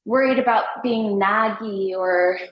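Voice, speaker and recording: Young female singer guest, chatty and upbeat, slightly winded, mid pitch. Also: takes it slowly, highs cut off, a little hiss or hum. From United States. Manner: chatty, upbeat, laughs often. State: out of breath. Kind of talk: casual interview chat.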